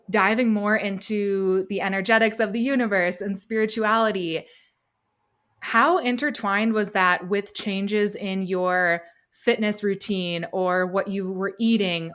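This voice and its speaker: A woman's voice: mid-range voice, a bit bright, clean tone. Woman podcast host, affirming. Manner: affirming, asks thoughtful follow-up questions. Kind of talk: interviewing.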